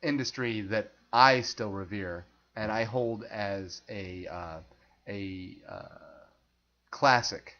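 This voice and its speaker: A man's voice: fairly low pitch, takes it slowly, pushed and bright, lo-fi sound. A man co-hosting a casual film discussion podcast, chatty and easygoing, laughing often. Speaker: podcast co-host.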